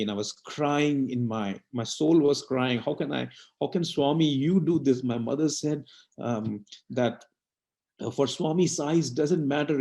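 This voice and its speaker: A middle-aged man from India recounts a childhood memory at a satsang. His voice sits at an ordinary middle pitch, and he speaks earnestly, pausing often with fillers as he goes. The telling is heartfelt and unpolished. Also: vocal fry, darkish tone. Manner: earnest, halting, many fillers. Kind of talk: personal devotional storytelling.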